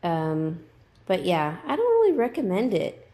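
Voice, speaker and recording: A woman's voice: on the low side, very animated, measured pace, dark tone. Chatty woman vlogging while she paints. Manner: chatty, rambling, with fillers and little laughs. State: hurried, under time pressure. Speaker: DIY vlogger. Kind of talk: casual vlog narration while painting. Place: inside a house, on the stairs and landing.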